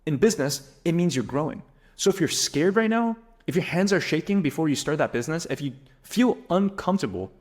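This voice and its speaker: A man in his twenties giving an emphatic, energetic motivational business lesson to camera, full of rhetorical questions. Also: fairly high pitch. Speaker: business coach.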